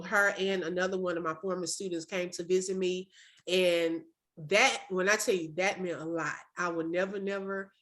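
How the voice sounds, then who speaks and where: A woman's voice: mid-range voice, pushed and bright. A woman, a former teacher hosting a casual video-call chat, speaks in an effusive, emotional way and keeps repeating herself for emphasis.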